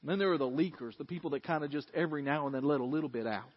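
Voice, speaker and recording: Speaking rapid-fire in a slightly high voice, a male pastor gives a folksy, conversational sermon in a church sanctuary, turning to make asides to his listeners. The audio is dull, with the sound of a large hall.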